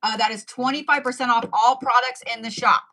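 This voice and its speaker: A woman's voice: fairly high pitch, steady tone, fairly quick, sharp tone. A woman giving a casual tarot reading, chatty and profane, with laughing asides. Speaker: tarot reader.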